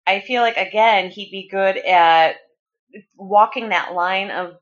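A woman's voice: mid-range voice, slow. An easygoing woman co-host with a mid-range voice chats about movie casting, often letting her sentences trail off. Her audio is slightly muffled and lo-fi. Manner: relaxed, trailing off, brief agreeing replies. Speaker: podcast co-host. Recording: slightly dull lo-fi sound.

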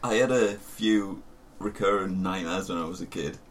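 A young man with a Northern English accent co-hosts a podcast, speaking at normal speed in a low voice; he's laid-back and laughs often in casual chat. Faint background noise can be heard.

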